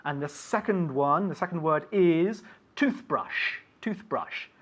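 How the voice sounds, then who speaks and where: A man teaching an English lesson on the radio, saying words slowly and clearly and having his student repeat them. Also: on the high side, animated, fairly bright tone. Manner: slow, clear teacher drilling words for repetition.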